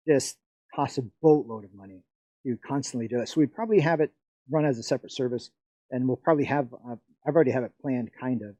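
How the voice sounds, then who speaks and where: A man's voice: mid-range voice, a little mellow, no room sound. A middle-aged man from the Philippines presenting a live workshop, rambling and chatty with many fillers and frequent laughs.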